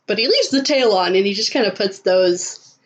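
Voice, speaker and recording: A woman's voice: medium pitch, lively intonation, moderate pace. A woman narrating her character in a tabletop role-play, laughing often and filling with "like". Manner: laughs often, many fillers. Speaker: player. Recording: slightly muffled recording.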